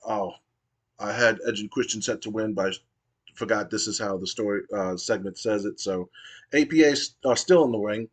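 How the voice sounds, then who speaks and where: A man's voice: fairly low pitch, moderate pace. A man casually narrating a wrestling sim playthrough with many fillers and restarts. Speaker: gamer playing a wrestling sim. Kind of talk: casual let's-play narration.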